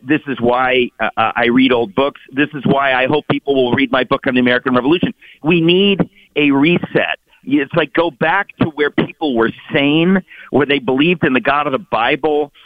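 A middle-aged man, a guest author on a radio talk show, speaking in an emphatic, mocking and animated way. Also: medium pitch, normal speed, no room sound. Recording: tinny phone-line sound.

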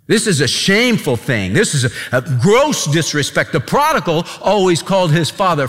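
A man's voice: fairly high pitch, very animated, normal speed, a bit bright, big-room sound. A man preaching a sermon as a pastor, emphatic and conversational, speaking straight to the congregation.

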